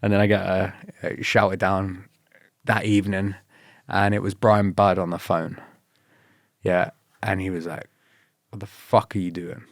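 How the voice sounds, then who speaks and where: A man's voice: low-pitched, a little slow, vocal fry, long pauses, no echo, studio quality. A man with a British accent, a podcast guest telling stories in a casual, laid-back way and quoting others with bursts of energy. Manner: laid-back, laughs often, quotes others in lively bursts. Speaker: podcast guest, former paratrooper. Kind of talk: casual storytelling interview.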